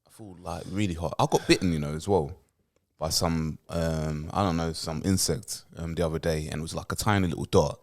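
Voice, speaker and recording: A young adult man co-hosting a podcast, rambling through stories in animated casual banter. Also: deep voice, fairly quick. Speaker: podcast co-host.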